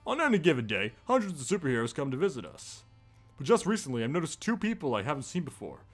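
An earnest male cyborg superhero voiced by a man reading game lines aloud who stumbles over his words here and there. The voice sits a little high and swings around a lot. Faint game music plays behind it. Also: sing-song, fast. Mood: friendly.

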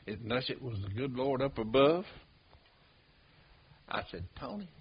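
A man's voice: medium pitch, expressive, a little slow, long pauses, husky. An older man, telling folksy stories in casual conversation and laughing at his own tales. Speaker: bloodhound tracker. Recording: dull lo-fi recording with hiss.

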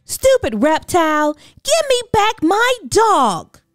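A woman voicing a spiteful, sulky young girl with a shrill, whiny voice in a children's storybook. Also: wildly swooping pitch, slow pace, no echo, clean studio sound, faint music behind, full character voice.

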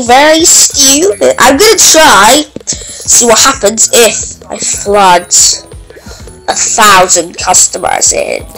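A woman giving let's-play commentary on a game, excitable and quick to shout and giggle. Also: fairly high pitch, low-quality recording. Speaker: gameplay commentator. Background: game music.

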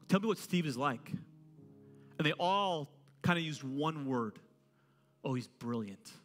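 Joking male pastor in a reverberant hall. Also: fairly high pitch. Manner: joking, animated preaching. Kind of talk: sermon. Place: church auditorium. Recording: reverberant hall with faint music.

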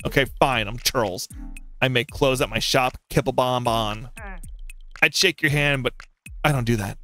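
A man playing a standoffish clothes maker who keeps everyone at arm's length, speaking dry and detached. The tone is bright and a shade lower than the others. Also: normal speed, soft background music, lightly acted. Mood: aloof. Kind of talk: reading game dialogue aloud.

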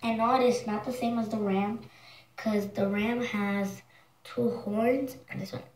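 Casual vlogger, woman, excitable and squeamish; roomy, distant camera-mic sound with faint background hiss. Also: on the high side, a little slow. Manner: chatty, excitable, squeamish exclamations. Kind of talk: casual vlog chat.

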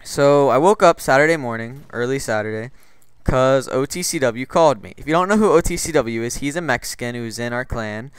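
A man's voice: medium pitch, expressive, brisk, smooth, no echo, poor audio. A man hosting a gaming channel, telling rambling, profane stories in casual gameplay commentary, full of "like" and restarts. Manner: rambling, profane, filler-heavy.

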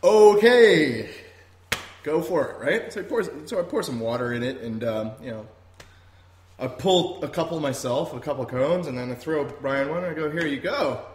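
A man's voice: medium pitch, lively intonation, fairly quick, a little hiss or hum. Rambling, laughing man telling a story. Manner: rambling, laughs often, swears casually. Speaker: podcast host. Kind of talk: casual storytelling. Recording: roomy echo.

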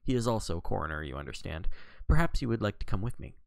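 A man reading a stiff, hesitant English gentleman. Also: fairly low pitch, very animated, quick pace, vocal fry. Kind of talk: audiobook reading.

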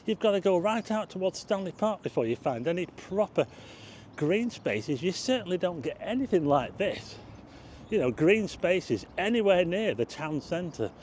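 Chatty guy vlogging on a walk outdoors, slightly high voice, faint traffic noise. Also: very animated, normal speed, darkish tone. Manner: chatty, addresses viewers as folks, exclaims at sights. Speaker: travel vlogger. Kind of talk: casual walking tour narration. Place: outdoors on town streets.

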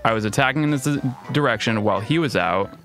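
A young man giving casual, profane, excitable commentary while streaming a game. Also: on the low side, fast.

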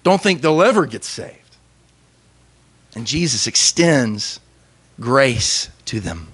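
A young man, a pastor, giving an earnest sermon with emphatic pauses. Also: medium pitch, big pitch swings, fairly bright tone, breathy edge.

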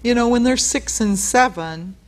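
A woman's voice: on the high side, normal speed. A woman pastor leading a Bible study in a casual, conversational teaching style, explaining word meanings and acting out the quotes she reads. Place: studio.

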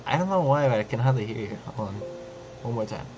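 A man hosting a casual video chat with a stranger, easygoing and quick to apologize, laughing easily. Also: medium pitch, animated, dull audio, music in the background. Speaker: host of video chats with strangers. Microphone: video call. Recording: noisy home recording.

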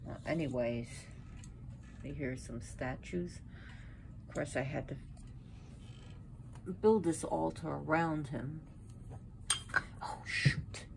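Slow, low-voiced woman musing on mythology. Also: creaky, dark tone, slight background noise. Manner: rambling, self-correcting, with sudden outbursts. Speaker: pagan video host. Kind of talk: casual talk about mythology while arranging an altar.

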